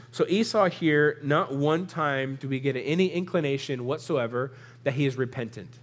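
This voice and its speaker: A man preaching a sermon, reading scripture aloud and explaining it in a loose, conversational way, with a stuffy, sniffling nose. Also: medium pitch. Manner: casual, conversational Bible teaching with asides to the audience.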